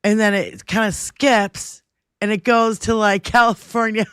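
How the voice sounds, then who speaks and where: A woman's voice: mid-range voice, steady tone, measured pace, fairly bright tone, smooth, no room sound, studio quality. A woman hosting a casual political livestream, ranting emphatically and swearing freely. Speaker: livestream show host.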